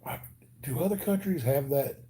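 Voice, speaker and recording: A man with a Southern US drawl, mellow and easygoing. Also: fairly high pitch, normal speed, slight background noise. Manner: rambling, joking, easygoing. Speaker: livestream host. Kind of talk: casual livestream chat with viewers.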